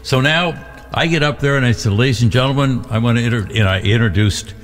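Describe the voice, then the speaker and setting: An older man, a veteran radio DJ, tells stories in a halting, animated way during a casual studio chat. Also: mid-range voice, big-room sound, soft background music.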